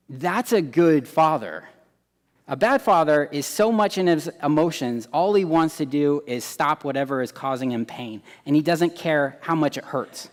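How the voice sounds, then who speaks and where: Animated man preaching in a reverberant hall. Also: fairly high pitch, moderate pace. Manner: animated, acts out quoted voices, swings between loud and hushed. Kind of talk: sermon. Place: church hall.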